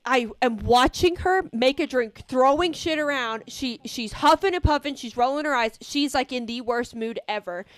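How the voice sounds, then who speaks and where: A young woman with a high voice tells a rambling storytime over her gameplay. She fills it with "like" and swears freely. The sound is dry and close. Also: normal speed, few pauses, no room sound. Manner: rambling, swears a lot, lots of "like". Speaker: vlogger. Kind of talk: casual storytime while gaming.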